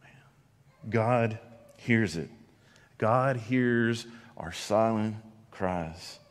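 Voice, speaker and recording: A male pastor preaching a sermon, earnestly shifting between loud emphasis and quiet, slow lines. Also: medium pitch, big pitch swings. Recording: long hall reverb.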